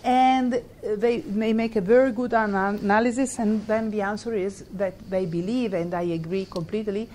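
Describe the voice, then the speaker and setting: A woman's voice: mid-range voice, steady tone, dark tone, a little hiss or hum. A middle-aged woman from Italy with an Italian accent, giving a university lecture in English and often stopping to search for words. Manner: halting, searching for words, laughs while telling a story. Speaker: guest lecturer.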